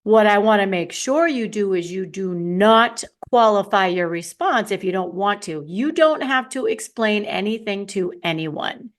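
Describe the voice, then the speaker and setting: A woman's voice: mid-range voice, lively intonation, measured pace, few pauses. A middle-aged woman, a confidence coach, talking candidly and playfully to her listeners in a solo podcast.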